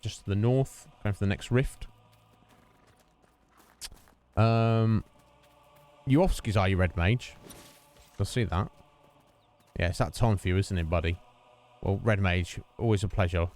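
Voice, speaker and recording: A man's voice: lowish voice, normal speed, pauses often, darkish tone, faint music behind. A man streaming a video game, chatting casually and thinking aloud as he plays and greets viewers. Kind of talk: casual gameplay commentary.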